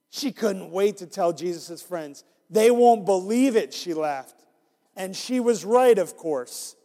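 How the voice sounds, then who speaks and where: Animated high-voiced man leading kids. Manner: animated, coaxing listeners to join in. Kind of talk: interactive children's Bible story reading. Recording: long hall reverb.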